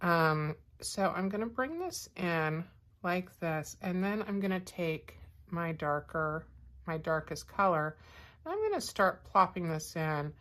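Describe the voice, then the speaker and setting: A woman teaching a watercolor painting lesson, explaining each step calmly with frequent fillers. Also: lowish voice, measured pace. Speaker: art teacher.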